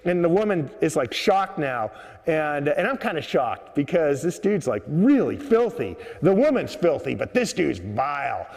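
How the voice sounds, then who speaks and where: A man's voice: a little high, unhurried, creaky. A man telling a rambling story with lots of fillers, standing on a subway platform. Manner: rambling, many uh fillers, relaxed. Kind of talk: live storytelling monologue. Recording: echoey underground platform.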